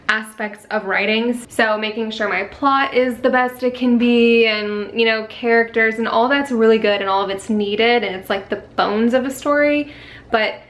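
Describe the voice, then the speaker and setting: Chatty young woman with a bright, higher voice. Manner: chatty, rambling, with frequent laughs and self-corrections; coos in a high voice when talking to her dogs. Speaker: vlogger and author. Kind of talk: casual vlog talk. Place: at home.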